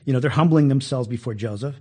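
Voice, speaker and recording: A man teaching a Bible study in a folksy, animated way, acting out the quoted lines with extra force. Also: medium pitch, fast talker, slightly rough.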